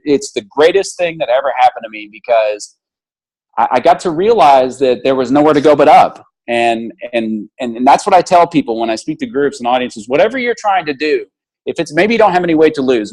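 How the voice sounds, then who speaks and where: Man, interview guest and motivational speaker, earnest storyteller, average pitch. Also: rough recording. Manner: earnest, animated retelling with restarts, acting out dialogue.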